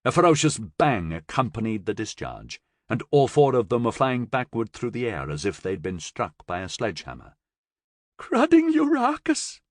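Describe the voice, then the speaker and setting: A man with a low voice narrates a science fiction audiobook in an expressive, dramatic way. His pitch moves widely from line to line, and the close recording is dry with almost no room sound. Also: normal speed, hardly any pauses, no room sound. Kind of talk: scripted narration.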